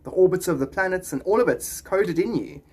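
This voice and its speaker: A man's voice: sits high, animated, a little fast, a little mellow, breathy edge. A man chatting on a live stream, reading viewers' comments and rambling into spiritual musings.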